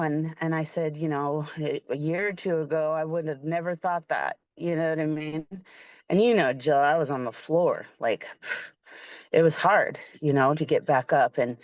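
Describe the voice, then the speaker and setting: A woman's voice: sits low, dry recording. Chatty woman on a dull, dry call. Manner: chatty and candid, with fillers like "like". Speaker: support group participant. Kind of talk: casual personal storytelling.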